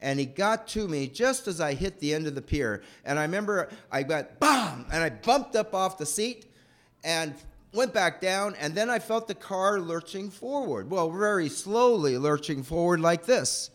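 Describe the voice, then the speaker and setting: A man telling a personal childhood story in a rambling, animated way. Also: fairly high pitch, normal speed. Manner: animated, rambling, acts out voices.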